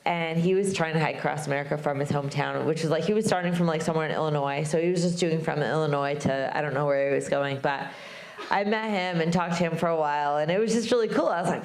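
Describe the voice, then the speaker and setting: Woman guest speaker, low and gravelly, animated storyteller doing voices, echoey venue. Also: quick pace. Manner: animated storyteller, acts out voices, laughs often. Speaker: guest speaker, long-distance hiker. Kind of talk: storytelling talk to a live audience. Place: club venue before a live audience.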